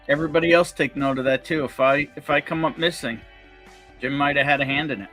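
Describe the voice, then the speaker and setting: A man hosting a casual whiskey livestream, greeting viewers with jokey, upbeat shout-outs. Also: fairly high pitch, fairly even intonation, a little fast. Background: faint background music.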